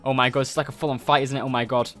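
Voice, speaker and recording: A man hosting a let's play, excitable, reacting to the story with quick exclamations. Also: medium pitch, soft background music.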